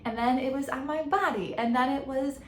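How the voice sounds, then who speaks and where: A woman's voice: high-pitched, a little fast, echoey room, slight background noise. A woman coach in her thirties telling a personal story on her podcast, earnest and reflective, often restarting and correcting herself mid-sentence.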